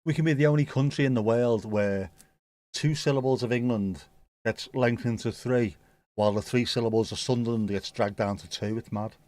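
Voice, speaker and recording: A man's voice: mid-range voice, moderate pace, darkish tone, no room sound. Joking man hosting a match watchalong. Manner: jokey banter, reading out viewer comments. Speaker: watchalong host. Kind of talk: casual live match commentary.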